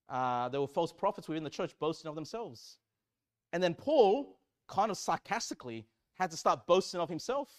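A man preaching a sermon, swinging between loud fervent emphasis and quiet asides. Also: sits high. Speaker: pastor.

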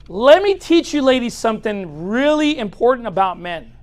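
A man preaching a humorous sermon as a pastor in a church, speaking straight to the audience in a lively, joking way. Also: very high-pitched, normal speed, hardly any pauses.

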